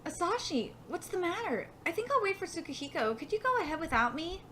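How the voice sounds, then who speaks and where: A woman voicing a timid, lonely young girl in a manga read-aloud, speaking hesitantly and haltingly. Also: extremely high pitch, sing-song, bright, forceful tone, slight background noise, heavily acted.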